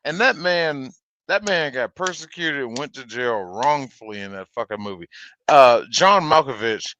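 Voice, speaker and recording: A man's voice: medium pitch, lively intonation, moderate pace, pushed and bright, no echo. A man hosting a livestream in casual chat, laughing often and swearing as he rambles about movies. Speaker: livestream host.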